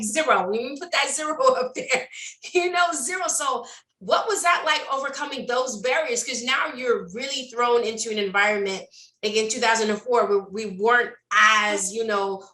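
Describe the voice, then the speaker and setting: A woman's voice: a little high, bright, forceful tone. A woman hosting a podcast interview, who encourages her guest with frequent short affirmations. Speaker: podcast host. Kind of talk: casual interview. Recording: echoey room.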